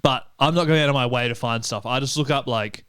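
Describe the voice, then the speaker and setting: A man's voice: medium pitch, brisk, fairly bright tone, clear, resonant tone, no echo. Wry man, dry delivery. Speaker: podcast co-host. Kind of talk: casual podcast banter.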